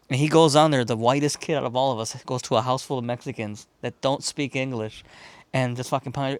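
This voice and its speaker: With a clear, resonant, slightly high voice and a quick pace, a podcast host from Chicago spins a lengthy, foul-mouthed, meandering yarn while chatting casually. He acts out each character's lines, and the recording has no room sound.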